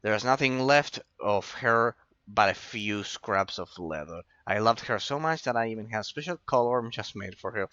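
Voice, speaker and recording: A man's voice: lowish voice, expressive, moderate pace, sharp tone, no echo, highs cut off. A man reading a grieving villager's quest text aloud from a game, in a lightly dramatic tone. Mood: mournful. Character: grieving villager mourning a lost cow.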